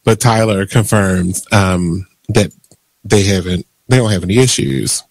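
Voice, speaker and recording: A man hosting a radio show, chatting casually and ranting in animated bursts. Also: low-pitched, unhurried, no room sound. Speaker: radio host. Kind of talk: casual talk radio chat.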